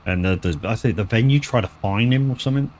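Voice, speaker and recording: Rambling man, lowish voice. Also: fast talker, a little mellow, slight background noise. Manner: rambling, swears freely, lots of restarts and stammers. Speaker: live streamer. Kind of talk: casual gaming stream chat.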